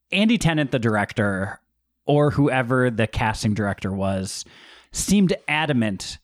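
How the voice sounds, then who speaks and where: A male podcast co-host trading wry, deadpan asides in casual movie talk. His pitch moves lively and wide. The recording is dry and close, with no room sound around him. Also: dry recording. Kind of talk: casual movie-review chat.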